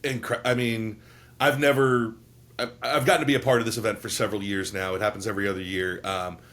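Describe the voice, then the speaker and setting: A man who is a DJ and podcast co-host, with a Midwestern American accent, giving emphatic, enthusiastic shout-outs. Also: on the low side, flat delivery, brisk. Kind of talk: casual podcast chat.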